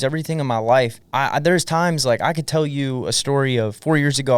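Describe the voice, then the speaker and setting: A male podcast host with a smooth, clean voice recorded close and dry. He tells personal stories with fervent, energetic conviction in a relaxed interview. His pitch sits in an ordinary middle range. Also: no room sound. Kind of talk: conversational interview, personal storytelling.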